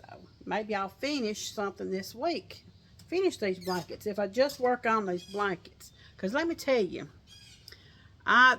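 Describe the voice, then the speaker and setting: An older Southern woman, a crochet vlogger, chats folksily with her viewers out on a porch and laughs often. Her mid-range voice has vocal fry and a sharp tone.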